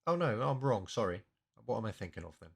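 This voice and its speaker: Hesitant man thinking aloud, lower voice. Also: big pitch swings, fast, creaky, husky. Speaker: language learning streamer. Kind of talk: casual language breakdown.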